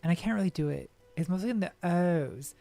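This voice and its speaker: A woman's voice: on the low side, expressive, fairly quick, creaky, warm tone, soft background music. A woman streamer giving casual gaming commentary, rambling with ironic, self-mocking jokes.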